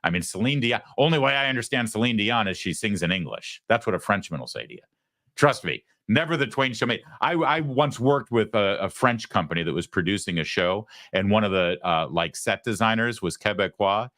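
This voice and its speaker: A man's voice: on the low side, a bit bright, no echo, clean studio sound. A man hosting a political talk show, sarcastic and mocking as he comments. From United States. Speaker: host.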